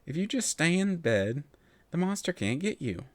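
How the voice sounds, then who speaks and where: A man's voice: on the high side, sing-song, moderate pace, no room sound, voice pushed up. A man voicing a busy pony father who speaks firmly and curtly. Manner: firm and clipped.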